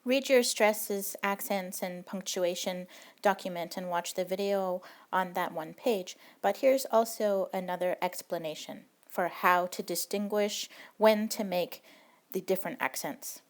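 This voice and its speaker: A woman's voice: mid-range voice, measured pace. A woman teaching a recorded language lesson, explaining rules patiently and step by step.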